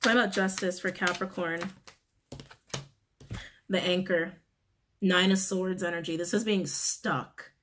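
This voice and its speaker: A woman giving a casual tarot reading in a blunt, frank manner, cursing freely when annoyed. She repeats her key phrases over and over and often stops to clear her throat. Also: on the low side, steady tone, measured pace, pauses often, fairly bright tone, slight background noise. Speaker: tarot reader.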